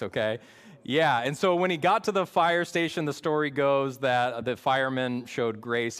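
A man, a campus pastor, preaching a storytelling sermon in a chatty, lively way and often asking the congregation "right?". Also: mid-range voice. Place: church service before a congregation.

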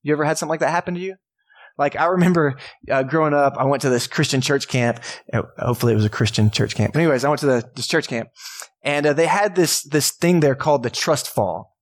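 Pastor, male, conversational sermon delivery in church, voice a little high for a man. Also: fast talker. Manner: casual, conversational preaching with audience questions.

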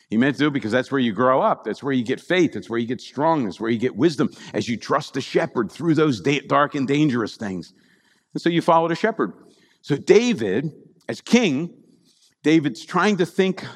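A man's voice: on the high side, in a large hall. A man preaching a conversational sermon, often checking in with his listeners by asking "right?". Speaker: pastor.

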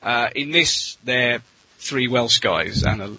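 Male podcast co-host, bright husky voice, rambling casual film talk. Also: medium pitch, low-quality recording. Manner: rambling, halting restarts. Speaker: podcast co-host reviewing films. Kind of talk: casual chat.

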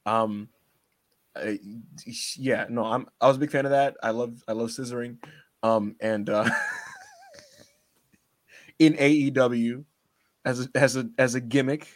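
A man co-hosting a casual wrestling podcast, joking, animated and laughing often. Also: mid-range voice, a little slow, long pauses. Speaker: podcast co-host.

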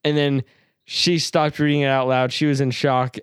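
Excitable man recapping a movie. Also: medium pitch, moderate pace, clear, resonant tone, no echo, clean studio sound. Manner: excitable, swearing, self-doubting storyteller. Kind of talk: casual movie review chat.

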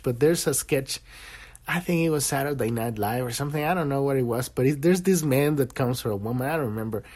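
A man hosting a spiritual podcast, talking in a loose monologue full of restarts and acted-out quoted voices. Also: a little high. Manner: animated, many restarts, acts out quoted voices. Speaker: podcast host.

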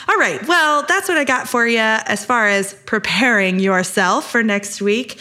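A woman's voice: a little high, unhurried, few pauses, sharp tone. Chatty upbeat woman podcast host. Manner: chatty, upbeat, laughs often. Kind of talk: casual podcast monologue.

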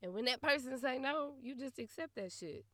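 A woman's voice: sits high, moderate pace, no room sound, clean studio sound. Blunt, profane young woman telling a story. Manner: blunt, profane, animated, laughing often. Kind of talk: casual storytelling rant.

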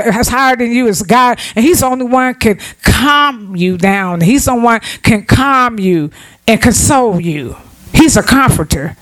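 A woman's voice: on the high side, poor audio. A woman preacher delivering a sermon in informal vernacular speech, with frequent restarts and repeated calls of "Amen" to the congregation.

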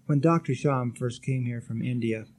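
A man giving a sermon as a spiritual teacher, gently exhorting his listeners with light touches of humor. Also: medium pitch, moderate pace.

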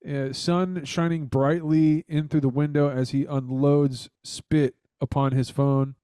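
A man's voice: fairly high pitch, level tone, unhurried, mellow, smooth, dry recording, clean studio sound. A man hosting a podcast who rambles along casually and swears while mocking someone. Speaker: podcast host.

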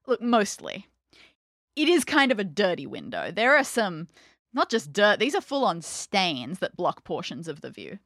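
A woman's voice: mid-range voice, wildly swooping pitch, moderate pace, fairly bright tone, no room sound, studio quality. A woman acting as game master, describing scenes in a mystery game.

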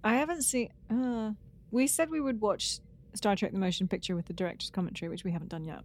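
A woman's voice: mid-range voice, fairly even intonation, quick pace, darkish tone. A woman co-hosting a podcast, chatting casually and sharing news with many halts and restarts. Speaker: podcast co-host. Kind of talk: casual chat.

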